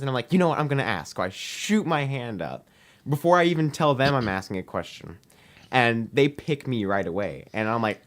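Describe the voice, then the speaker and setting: A teenage boy sits in as a podcast guest and tells a story the loose, chatty way. He leans on "um" and "we're like" to act out each exchange, at an ordinary pitch for a young man. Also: animated, brisk, fairly bright tone. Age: teens. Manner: rambling, heavy use of "we're like" and "um". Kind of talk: casual anecdote telling.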